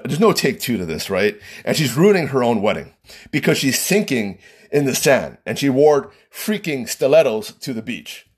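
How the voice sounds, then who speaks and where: A man's voice: fairly high pitch, husky. A man who works as a wedding photographer telling a rambling, casual anecdote, laughing often and leaning on fillers.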